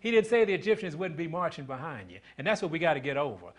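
A man preaching a sermon, swinging from loud declarations to hushed asides and calling questions out to the congregation. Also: fairly high pitch, animated, fast, hardly any pauses.

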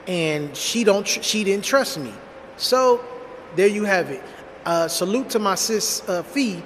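A man in his thirties telling a personal story in a blunt, animated, slangy way, speaking straight to his viewers. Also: high-pitched, measured pace, in a large hall, a little hiss or hum. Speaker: storytime vlogger. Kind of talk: casual storytelling monologue.

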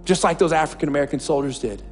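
A man's voice: fairly high pitch, rapid-fire, faint music behind. A man preaching a sermon as a pastor, impassioned and repeating phrases for emphasis.

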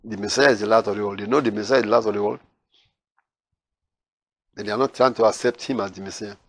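A man teaching the Bible verse by verse, reading scripture aloud and then explaining it in loose, halting asides. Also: on the low side, fairly even intonation, dry recording.

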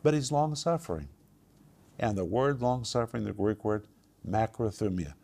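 A man's voice: lowish voice, lively intonation, normal speed, creaky, darkish tone. A man teaching a home group Bible study, emphatic and repeating words for stress.

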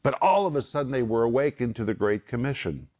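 A man's voice: medium pitch, very animated, a little mellow. Emphatic middle-aged man teaching the Bible. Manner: emphatic, slows down to stress key words. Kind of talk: Bible teaching with scripture quotes.

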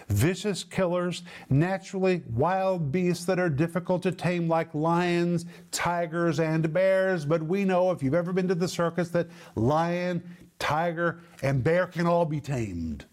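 A middle-aged man teaching from the Bible on a TV program, slow and emphatic, dropping low at the ends of verses. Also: a little mellow.

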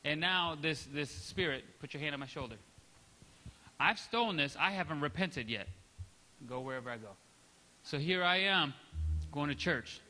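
High, bright-voiced preacher in a church. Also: male voice, normal speed, pauses often, in a large hall. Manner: animated, demonstrative preaching with acted-out examples; conversational, checks in with audience. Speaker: pastor. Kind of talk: sermon. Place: church sanctuary.

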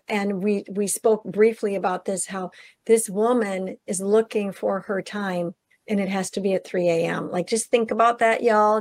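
A woman's voice: mid-range voice, a little mellow, no room sound. Upbeat host woman. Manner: enthusiastic, addresses listeners as y'all. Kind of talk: casual interview.

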